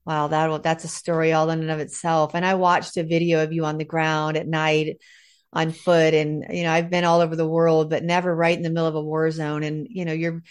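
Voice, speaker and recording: A woman hosts an interview in a somewhat low voice. She responds to her guest with affirmation and open emotion, often murmuring agreement. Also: little pitch movement, a little fast, smooth. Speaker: interview host. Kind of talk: conversational interview.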